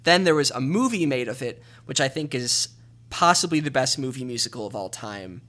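A man's voice: medium pitch, expressive, a little fast, a bit bright. A man co-hosting a podcast, chatting enthusiastically in long rambling runs. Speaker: podcast co-host. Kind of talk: casual chat about musicals.

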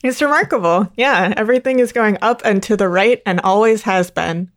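A woman's voice: medium pitch, normal speed. A woman joining a podcast as guest, answering in a wry, understated way. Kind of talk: casual chat.

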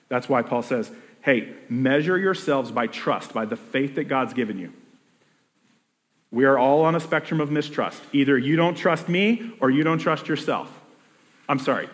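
A man preaches a sermon in a relaxed, conversational way, stumbling over restarts and slipping into little acted-out voices of people talking to themselves. His voice sits a touch high for a man, and a long reverb trails behind every phrase, as if he is in a large hall. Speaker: pastor.

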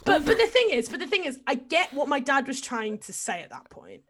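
A young woman telling a personal story in casual chat, candid and lively with lots of fillers. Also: sits high, fairly quick, background noise.

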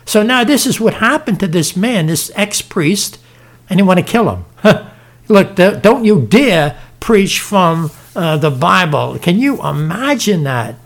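A male preacher with a notably high-pitched voice delivers an impassioned sermon. He calls out to his listeners directly and stumbles into quick repeated restarts as he drives each point home. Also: very animated. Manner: fervent, stumbling restarts, direct address to "folks". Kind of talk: emphatic preaching with read-aloud passages.

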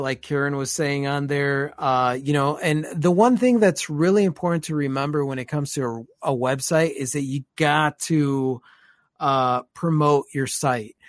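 Excited fast-talking man, dry sound. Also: a little high, dry recording. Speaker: live stream co-host. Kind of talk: casual live stream chat.

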